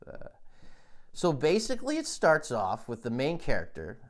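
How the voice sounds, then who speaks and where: A man hosting a comedy podcast, telling a rambling deadpan monologue in a halting, stammering way, full of restarts and "you know.". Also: medium pitch. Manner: deadpan absurd storytelling.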